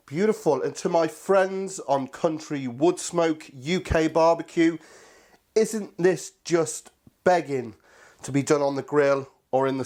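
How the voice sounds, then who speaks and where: A man's voice: fairly high pitch, a little mellow. A man hosting a casual cooking video, chatty and enthusiastic, talking to viewers as his friends. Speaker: cooking channel host.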